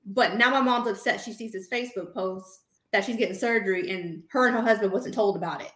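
A woman telling a story in casual chat, animated, often repeating words as she acts out both sides of a phone call, on a video call. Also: medium pitch, fairly quick. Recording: roomy echo.

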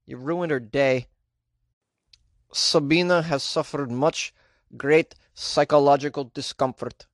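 A show host with a slightly high voice reads out odd news stories slowly, adding sarcastic, joking remarks and laughing along. The sound is studio quality with no echo.

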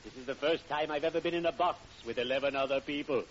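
A man's voice: mid-range voice, quick pace, natural voice. Oily undertaker, played by a man, formal and punning; vintage radio sound, muffled with hiss. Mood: unctuous. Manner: unctuous, punning, grandly formal. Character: oily cheerful undertaker, middle-aged man. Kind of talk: 1940s radio acting. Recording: dull hissy old radio broadcast.

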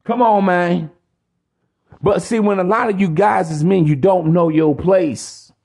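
Male podcast host, preachy profane rant, gravelly voice pitched a bit high. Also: a little slow, darkish tone. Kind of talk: ranting podcast monologue.

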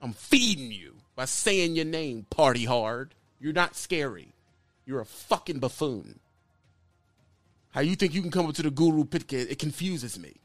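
A man in a heated call-out rant, blunt and mocking, circling back to the same jabs. His voice sits a little high for a man, close and dry with no room sound. Faint music plays underneath. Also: a bit bright, no room sound. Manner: blunt and mocking, repeats lines. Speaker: YouTuber calling out another trucker.

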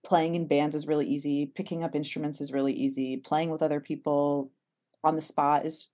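A woman from Miami, a guest songwriter chatting casually, playful and quick to laugh, often trailing off and restarting. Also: low-pitched, level tone, a little mellow. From Miami, USA. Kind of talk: casual chat.

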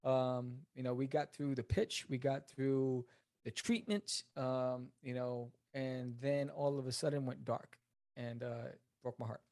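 A man, a comic creator telling stories as a guest in a casual interview, acting out the people he quotes. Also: measured pace. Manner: animated, acts out quoted people in a higher voice.

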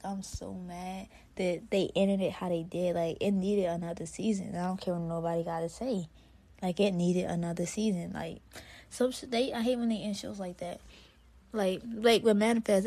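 A woman's voice: medium pitch, warm tone. A woman hosting her own podcast, talking casually in a slangy, rambling way with lots of fillers. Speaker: podcast host. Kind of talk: casual solo podcast chat.

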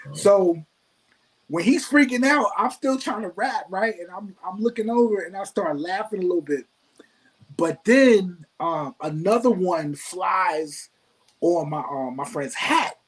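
A man, a rapper guest, telling a story in casual chat, animated and laughing often, repeating himself. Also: high-pitched, slightly rough, rough recording.

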